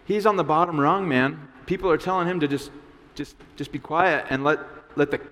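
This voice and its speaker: A man's voice: fairly high pitch, brisk, fairly bright tone. A male pastor giving a casual, conversational sermon, with many restarts and acted-out quotes. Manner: conversational, many restarts and fillers, acts out voices. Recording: long hall reverb.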